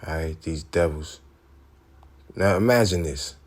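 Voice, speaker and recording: A man's voice: very deep voice, a little slow. A man giving preaching commentary on video clips, rhetorical and repetitive, often checking in with "all right?". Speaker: religious commentator.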